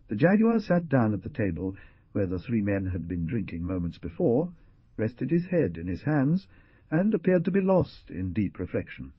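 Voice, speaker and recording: A man narrating an audiobook in a dramatic, animated reading. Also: lowish voice, slightly rough, no echo. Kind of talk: scripted narration. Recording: dull dry lo-fi recording.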